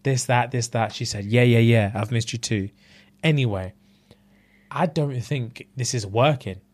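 Unhurried and mid-range in pitch, a man with a London accent co-hosting a podcast animatedly retells a story in casual conversation. He performs others' words in different voices, with lots of swearing.

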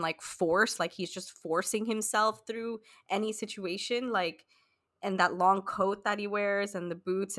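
A woman's voice: mid-range voice, pushed and bright. A woman giving her views on a film in an earnest, rambling way, full of "like", in a casual discussion. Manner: earnest, rambling, many "like" fillers. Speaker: podcast panelist.

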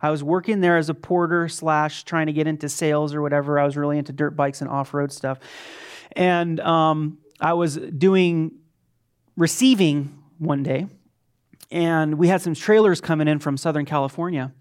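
Pastor guy in his 40s, lively chatty sermon, voice a bit on the high side. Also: smooth. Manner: animated, conversational preaching with quick asides.

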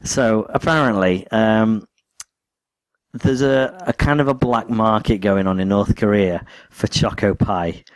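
A man's voice: lowish voice, measured pace, clean tone, no room sound. A man co-hosting a podcast, chatting casually and telling stories with a wry, laughing manner. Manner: storytelling, wry, prone to laughing. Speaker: podcast co-host. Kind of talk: casual chat.

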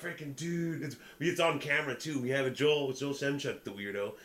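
A young man telling a rambling, animated story in casual chat, often breaking into laughter. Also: medium pitch, normal speed, over a noisy crowd. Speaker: podcast co-host, comedian.

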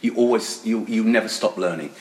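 A man's voice: fairly low pitch, brisk, darkish tone. A middle-aged man, a session percussionist, telling rambling anecdotes with many restarts. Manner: rambling with frequent restarts and laughter. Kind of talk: casual anecdotal storytelling.

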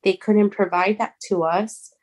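A woman's voice: medium pitch, steady tone. Earnest young mother telling her story. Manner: halting, restarts words, earnest. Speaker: guest. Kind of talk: emotional personal storytelling.

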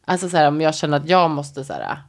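A woman co-hosting a podcast in casual chat, thoughtful and relaxed, with many hesitations and soft agreeing sounds. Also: low voice, fast. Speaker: podcast co-host.

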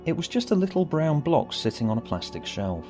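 A man reading his own story aloud, expressive, moving between bright and hushed. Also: fairly high pitch, a little fast, soft background music. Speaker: author and narrator. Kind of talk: storybook narration.

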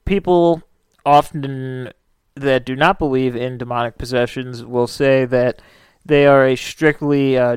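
A man's voice: mid-range voice, smooth, dry recording. A man hosting a casual podcast, rambling and joking with lots of fillers. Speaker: podcast host.

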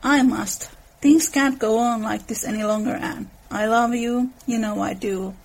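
A woman reading aloud the lines of an earnest young man who proposes and is hurt, in her husky voice. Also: a little high, steady tone, unhurried, darkish tone, poor audio. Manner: read aloud from a novel.

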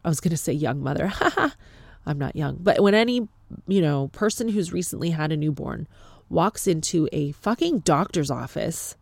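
Canadian-accented woman, casual sarcastic storyteller, gravelly fry, dry close sound. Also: low-pitched, darkish tone, no room sound. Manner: exasperated, sarcastic, swears freely.

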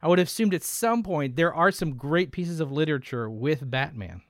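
A man's voice: fairly high pitch, animated, moderate pace, dry recording, clean studio sound. Upbeat man teasing his co-host. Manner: teasing, playful. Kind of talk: casual film discussion.

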